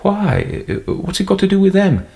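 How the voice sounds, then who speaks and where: A man's voice: sits high, sing-song, normal speed, gravelly, darkish tone, voice pushed up, full character voice. A man reading an audiobook, voicing an agitated young man, the eldest son of the family, who pleads anxiously. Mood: pleading.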